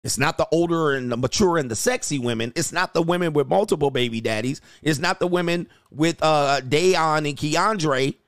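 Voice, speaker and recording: A man's voice: a little high, moderate pace, hardly any pauses, dry recording, studio quality. A man hosting a reaction channel, giving casual, profane dating commentary and acting out voices of the people he quotes.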